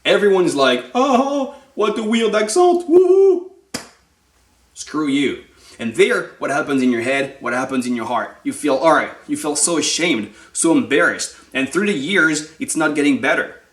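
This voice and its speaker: A young man from France with a French accent, talking to camera in an animated, urging way full of rhetorical questions. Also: medium pitch, normal speed, few pauses, echoey room. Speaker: vlogger. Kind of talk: motivational talk to camera.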